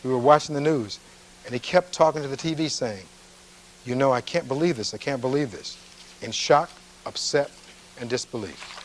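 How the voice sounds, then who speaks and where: A defense attorney giving a closing argument in a courtroom, reading witness testimony aloud and following it with pointed rhetorical questions. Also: male voice, medium pitch, normal speed, pauses often, a little hiss or hum, poor audio.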